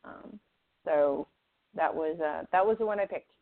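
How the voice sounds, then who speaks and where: A woman's voice: low voice, measured pace. A woman co-hosting a casual news chat show, thoughtful and hesitant, with many fillers. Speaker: co-host. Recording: tinny phone-like line.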